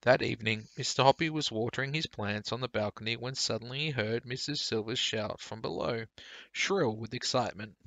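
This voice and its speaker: A man teacher reads a children's story aloud for his pupils, steady and clear. His voice sits at a middle pitch and sounds bright and forward. The recording is dry, with no room sound. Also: fairly quick, no room sound.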